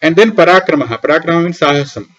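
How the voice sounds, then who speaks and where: A man's voice: fairly high pitch, very fast. Man lecturing, dull lo-fi recording. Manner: poses questions and answers them himself, repeats key terms. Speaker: lecturer on Vedic philosophy. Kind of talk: classroom lecture explaining scripture. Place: small room beside a temple library.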